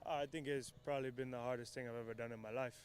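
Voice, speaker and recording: A man, an assistant coach, answering interview questions in a halting, thoughtful way with many restarts. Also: medium pitch, steady tone, a crowd in the background. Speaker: assistant coach, podcast guest.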